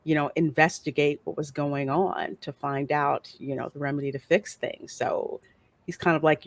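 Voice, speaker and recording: Woman with a lowish voice and a dry close sound, going on about a tv episode, acts out the audience yelling. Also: moderate pace, no room sound. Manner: animated, acts out the audience's reactions. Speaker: host reviewing a TV episode. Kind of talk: casual chat.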